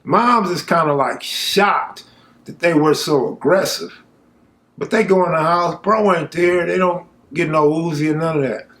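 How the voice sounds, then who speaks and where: Speaking at a measured pace in a slightly high voice, a man relates something that truly happened to him. His telling is casual and animated, loaded with street slang and asides to the viewer.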